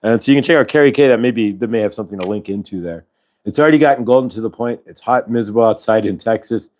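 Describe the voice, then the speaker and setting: A man with a fairly low voice hosts a casual live stream from his home. He rambles easily, restarting sentences and filling pauses with "uh" as he chats with viewers. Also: a little mellow. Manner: rambling, many fillers and restarts, chatting with viewers. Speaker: host of a live spiritual channeling show. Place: at home in Colorado.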